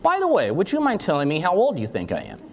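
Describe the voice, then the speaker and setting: A man's voice: high-pitched, huge pitch swings, fast, darkish tone, voice pushed up, heavily acted. A man voicing a vain middle-aged man eagerly asking strangers to guess his age.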